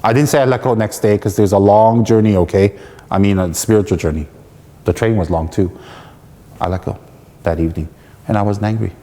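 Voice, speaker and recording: A man from the United States giving a Buddhist teaching as a lively story, laughing often and acting out what people said. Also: fairly low pitch, brisk, long pauses, in a large hall. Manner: animated, laughs often, acts out quoted speech. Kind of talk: storytelling dharma talk.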